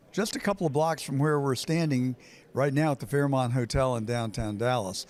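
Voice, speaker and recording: A man's voice: mid-range voice, darkish tone. A man hosting and interviewing on location at a hotel conference, asking leading questions in a presenter's manner. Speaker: host and interviewer.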